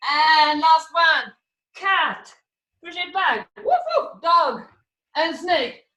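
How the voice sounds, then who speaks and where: Woman, high bright voice, children's movement teacher, slow unhurried calls, echoey room, far from the mic. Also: dull audio. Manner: encouraging, counts and calls out moves, makes animal sounds. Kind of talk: online movement class for children. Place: room at home, video class.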